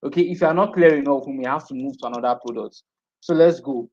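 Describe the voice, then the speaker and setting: Male instructor on a live stream, repeats himself, keeps asking "okay?", middle pitch, dull lo-fi audio. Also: fast, a little mellow. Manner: repeats points, checks in with "okay?". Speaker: online marketing instructor. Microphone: streaming setup.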